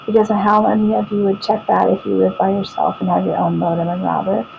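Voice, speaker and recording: A middle-aged woman with a Texan accent talks calmly to her viewers at home, rambling and often restarting her sentences. Her voice has a gravelly edge. The recording is muffled and lo-fi, with a steady hiss of noise behind her. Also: mid-range voice, a little fast. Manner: calm, even and rambling, often trailing off and restarting. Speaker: vlogger. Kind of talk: casual talk to camera while showing her computer screen. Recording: dull lo-fi home recording with clear background noise.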